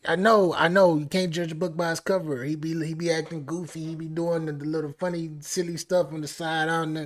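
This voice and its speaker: Guy reacting to an album live, hyped up, says stuff twice, kinda high voice. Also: brisk, few pauses. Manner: excited, exclaims and repeats phrases. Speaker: music reaction host.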